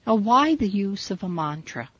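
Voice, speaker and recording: A woman teaching a spiritual meditation, guiding listeners in slow, measured, soothing instructions. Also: mid-range voice, sing-song, slightly rough, dry recording. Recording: dull lo-fi recording.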